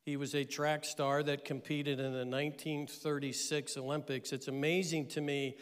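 Middle-aged male pastor, lively storytelling sermon, slightly high, smooth and clear. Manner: animated storyteller with frequent "uh" pauses.

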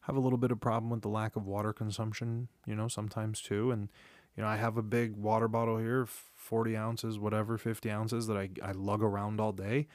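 A man in his thirties records a candid solo podcast monologue on a studio microphone, with no echo. His fairly low, darkish voice stays level and brisk as he rambles and confesses, swearing often, restarting sentences, and yawning from tiredness.

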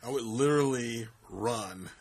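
A young man co-hosting a podcast in a husky, slightly breathy voice. He speaks in an easygoing, laid-back way, trailing off and circling back as he chats. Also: mid-range voice, measured pace, darkish tone. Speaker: podcast co-host. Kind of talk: casual chat.

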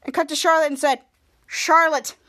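Woman, young adult, high pitch, casual recap, loud acted-out quotes. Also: fairly even intonation, moderate pace. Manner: acts out characters' lines with bursts of loud, high shouting. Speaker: podcast host recapping a TV episode.

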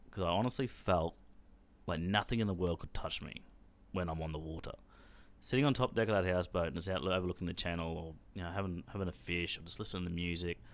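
A man's voice: low-pitched, vocal fry. An Australian man hosting a podcast, telling a personal story in a blunt, rambling way with plenty of swearing. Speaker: podcast host.

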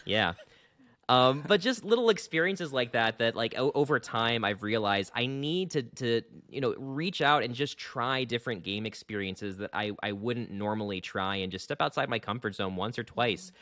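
A man hosting a casual gaming podcast, rambling and animated with lots of fillers. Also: mid-range voice, moderate pace, no echo, studio quality. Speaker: podcast host.

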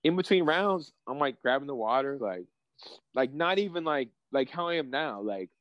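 A young male fighter talks in a loose, swearing, excitable ramble at an ordinary middle pitch. His voice sounds close and dry, with almost no room sound. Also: moderate pace, no echo, highs cut off. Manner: profane, rambling, excitable storytelling. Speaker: professional fighter guest. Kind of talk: casual interview chat.

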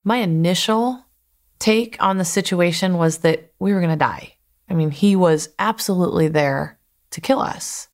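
A woman's voice: on the low side, normal speed. Woman urgently retelling an attack. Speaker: attack survivor telling her story. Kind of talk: recounted personal testimony.

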